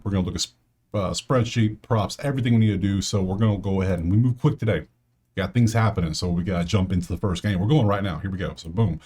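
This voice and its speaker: On his sports betting channel, a low-pitched man casually breaks down games and picks, thinking out loud in slang as he talks straight to his viewers.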